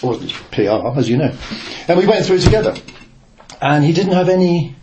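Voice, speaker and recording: A man's voice: fairly high pitch, sing-song, brisk, lo-fi sound, background noise. An older man, a former newspaper reporter, recounting a workplace memory in a rambling, hesitant way with many fillers and restarts. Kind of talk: reflective oral history storytelling.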